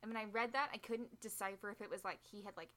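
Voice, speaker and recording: A woman's voice: mid-range voice, fairly even intonation, quick pace, sharp tone. A woman co-hosting a podcast, casually retelling a history story with joking asides and lots of "um" and "like". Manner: chatty, joking asides, frequent "um" and "like".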